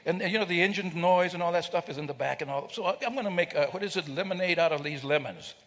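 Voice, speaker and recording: In a reverberant hall, an older man speaking at a celebration tells a funny story to a live audience, joking and teasing people in the crowd. His voice is high-pitched, fast, and a bit bright.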